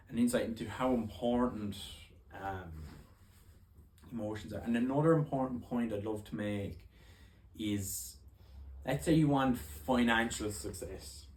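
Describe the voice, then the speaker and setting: An earnest young man coaching and telling a personal story, halting and restarting as he talks. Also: lowish voice, a little mellow. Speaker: life coach. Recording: echoey room.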